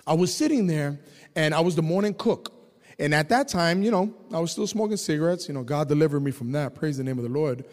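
A man preaching a testimony sermon, telling his story with animated delivery and shouting at high points. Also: brisk, long reverb tail.

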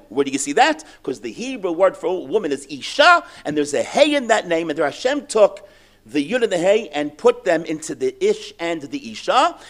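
A man teaching a Torah class, lively, asking questions and answering them himself. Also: a little high. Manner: animated, asks and answers his own questions.

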